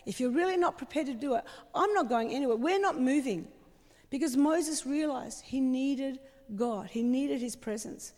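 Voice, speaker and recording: A woman's voice: high voice, in a large hall. A woman preaching a sermon with passion and strong emphasis.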